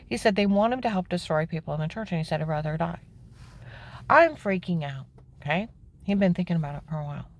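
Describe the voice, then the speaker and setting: A woman telling the story of her own life in plain words, emphatic and indignant, her voice climbing high when she is upset. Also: expressive, fast. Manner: plain-spoken, with frequent "okay?" asides. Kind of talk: personal testimony, candid storytelling.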